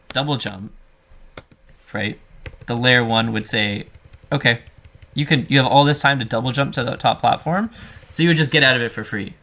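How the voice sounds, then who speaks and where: Bright-voiced man coaching casually. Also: mid-range voice, creaky. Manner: relaxed, talky, many fillers and restarts. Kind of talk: casual coaching over gameplay.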